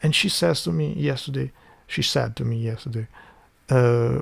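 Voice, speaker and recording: A man's voice: mid-range voice, moderate pace, vocal fry. A man from Albania with an Albanian accent, chatting casually and rambling on a livestream with lots of swearing. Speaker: streamer.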